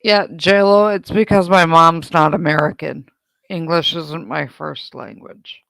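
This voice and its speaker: Stream host, deadpan chat asides, heavy vocal fry, slow and unhurried. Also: medium pitch, no room sound, low-quality recording. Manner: dry, joking asides to chat. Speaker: livestream trial commentator. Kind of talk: casual live commentary.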